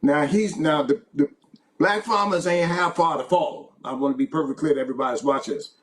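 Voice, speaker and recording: A man speaking as a farmer guest in an interview, plainspoken and halting. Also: on the high side.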